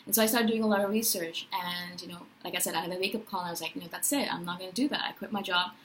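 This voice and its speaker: Expressive woman in her thirties. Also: on the low side, racing, a little hiss or hum, low-quality recording. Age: 30s. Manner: animated, emphatic, frequent "right?". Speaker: vlogger. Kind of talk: personal spiritual vlog.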